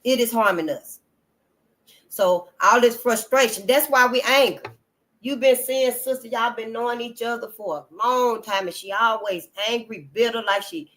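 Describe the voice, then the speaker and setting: Frank, bright-voiced woman host. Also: a little high, normal speed. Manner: frank, earthy and emphatic, calls listeners honey and y'all. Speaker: channel host. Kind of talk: casual monologue to viewers.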